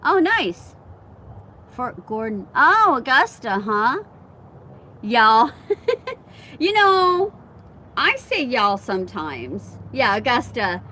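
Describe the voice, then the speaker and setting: Slow-talking woman chatting on a live stream. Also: fairly high pitch, big pitch swings, bright, forceful tone, a little hiss or hum. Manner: chatty, laughs often, reads and answers comments. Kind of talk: casual live chat with viewers. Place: outdoors at home, wind and chimes around. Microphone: phone.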